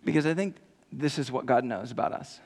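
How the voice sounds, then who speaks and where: A man preaching a sermon in a large room, impassioned, swinging from loud cries to hushed musing. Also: mid-range voice, fairly quick, vocal fry, husky. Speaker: pastor. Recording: long reverb in a large hall.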